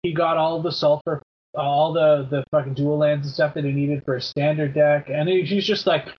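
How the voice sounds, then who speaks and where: A man in his thirties hosting a podcast in casual chat, rambling through shout-outs with many fillers and the odd swear word. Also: fairly high pitch, steady tone, normal speed, breathy edge. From Canada. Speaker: podcast host. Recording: dull lo-fi podcast audio.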